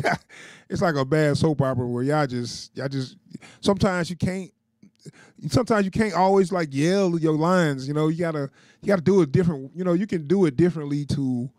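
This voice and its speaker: A man's voice: a little high, darkish tone, no room sound, studio quality. A man giving a casual, loose recap of a TV episode, chuckling often and leaning on filler words. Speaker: TV show reviewer.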